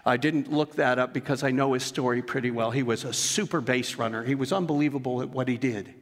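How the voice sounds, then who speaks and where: A man's voice: medium pitch, brisk. Earnest preaching man, reverberant room. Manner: earnest, emphatic preaching with storytelling asides. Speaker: pastor. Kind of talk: sermon.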